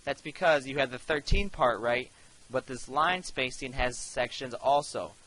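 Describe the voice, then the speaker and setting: Bright-voiced man teaching a screen tutorial. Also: medium pitch, a little slow, low-quality recording. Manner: casual step-by-step instruction, addresses students directly.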